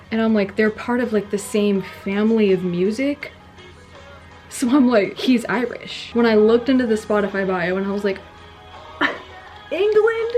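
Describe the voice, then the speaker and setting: A woman's voice: mid-range voice, darkish tone. A young woman vlogging a casual get-ready-with-me in her bedroom, rambling and chatty with lots of "like" and frequent giggles. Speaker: beauty vlogger. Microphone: camera nearby, self-filmed. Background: faint pop music playing.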